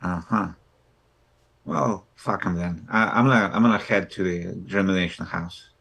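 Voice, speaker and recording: A man's voice: low voice, moderate pace, gravelly, fairly bright tone, breathy edge. A man playing a tabletop game, hesitant and checking details before he acts. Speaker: player.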